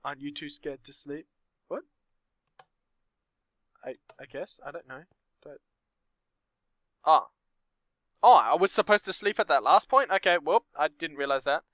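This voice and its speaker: A man's voice: on the high side, lively intonation, measured pace, long pauses, a bit bright, no echo. A young man commenting on a game, reading story text aloud with nervous asides and startled outbursts. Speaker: gameplay commentator.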